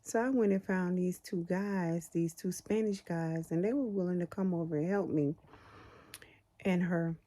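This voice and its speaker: A woman's voice: lowish voice, steady tone, normal speed, dark tone. A woman casually telling a personal faith testimony, rambling and conversational with frequent fillers and restarts. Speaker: Christian storyteller sharing a testimony.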